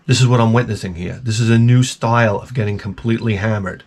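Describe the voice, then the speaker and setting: A man's voice: on the low side, fairly even intonation, fast talker, hardly any pauses, darkish tone. A male vlog host rambling through a comedic rant, crude and heavy on profanity. His delivery is jokey and exaggerated, and he jumps from one tangent to the next. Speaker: YouTube host.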